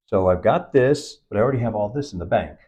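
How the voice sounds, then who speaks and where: Animated man telling a story. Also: lowish voice, fast talker. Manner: animated storytelling, acts out quoted dialogue. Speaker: film producer. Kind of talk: on-set interview. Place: event set.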